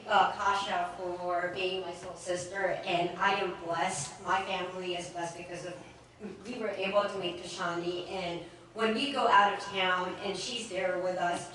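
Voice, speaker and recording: A woman's voice: fairly low pitch, a bit bright, slight background noise. A woman giving an earnest, emotional toast at a party. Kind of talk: heartfelt speech. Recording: echoey room from far off.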